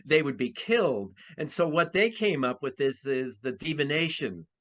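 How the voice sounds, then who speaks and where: A man's voice: a little high, animated, moderate pace, a bit bright. Rambling man on a dull lo-fi recording. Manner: rambling, many restarts and fillers. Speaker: astrologer guest. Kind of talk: conversational interview. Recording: dull lo-fi sound.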